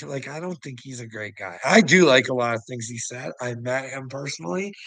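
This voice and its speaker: A man's voice: mid-range voice, pushed and bright, no room sound, low-quality recording. A man hosting a casual livestream, ranting profanely and rambling, laughing often as he talks. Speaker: livestream host.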